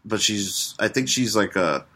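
A man's voice: animated, measured pace, pushed and bright, breathy edge. A man co-hosting a podcast, rambling through a comic book plot with lots of fillers. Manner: rambling, full of fillers, jumps into high-pitched impressions. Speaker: podcast co-host. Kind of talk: casual comic book chat.

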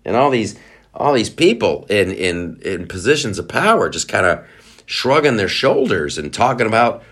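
A man's voice: on the low side, very animated, normal speed, a bit bright, slightly rough. A man hosting a podcast, delivering a profane, sarcastic political rant and mocking other people in put-on voices. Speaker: podcast host. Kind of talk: ranting political commentary.

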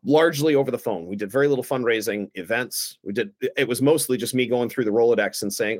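A man, a guest on a podcast, telling stories in a casual, animated way and acting out the other people's lines. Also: mid-range voice, quick pace, few pauses, no echo, clean studio sound. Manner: animated anecdotes, acts out the other voices. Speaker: guest, former aldermanic candidate. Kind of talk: casual storytelling.

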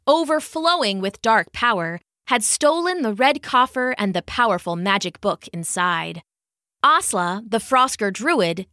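Woman reading a storybook, lively, bright voice, dry close sound. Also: medium pitch, dry recording. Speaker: narrator. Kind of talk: storybook narration.

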